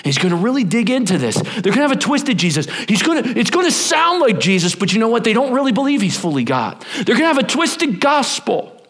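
A middle-aged man preaching a sermon as pastor, telling stories in an animated way and acting out voices. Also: very high-pitched, brisk, few pauses. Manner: animated, lively storytelling with acted-out voices.

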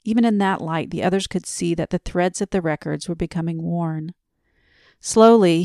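Bedtime story reader, soft and slow, lower woman's voice with fry. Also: dry recording, studio quality. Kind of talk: slow quiet sleep story narration.

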